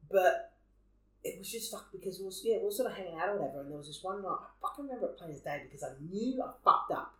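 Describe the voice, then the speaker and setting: A man's voice: high-pitched, expressive, quick pace, fairly bright tone. A young Australian man telling a long personal story in a casual podcast chat, rambling and swearing freely. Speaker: podcast co-host. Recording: echoey room.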